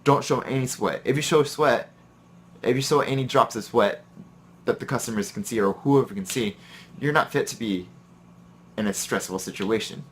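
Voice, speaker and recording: A man with a medium-pitched voice chats casually to his viewers. He rambles through stories from his kitchen job. He then offers easygoing encouragement. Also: moderate pace, long pauses, slight background noise. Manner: chatty, rambling, gives pep-talk advice. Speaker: chef and vlog host. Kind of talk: casual storytelling and advice vlog.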